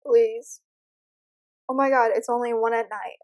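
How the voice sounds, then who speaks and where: A woman's voice: a little high, steady tone, moderate pace, long pauses. A young woman nervously commenting as she plays a horror game, chatting to her viewers. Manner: nervous, jumpy, talks to viewers. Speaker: gamer.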